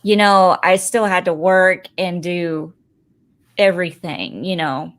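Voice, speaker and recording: A woman's voice: lowish voice, takes it slowly. A woman in her thirties chatting on a podcast, tearful and rambling as she tells a personal story. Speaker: podcast guest. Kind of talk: casual chat. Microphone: desk microphone.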